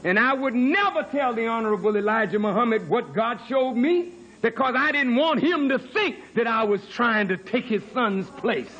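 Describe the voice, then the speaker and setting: A man preaching a sermon as dramatic storytelling, sinking low and quiet and then rising to emphatic, earnest peaks. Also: expressive, moderate pace, few pauses, low-quality recording. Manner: earnest testimony, insisting on his honesty. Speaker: minister.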